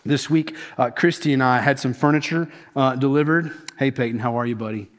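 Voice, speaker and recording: A man's voice: mid-range voice, brisk. A middle-aged man preaching a sermon as senior pastor, earnest and repeating key phrases for emphasis. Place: church sanctuary.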